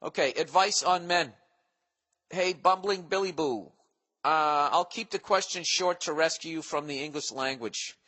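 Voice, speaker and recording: At a measured pace, his high-ish voice pushed and bright, a man in his forties with a Boston accent hosts a podcast and delivers a rambling, foul-mouthed, sarcastic comedy bit about listener mail. A long reverb tail follows his words.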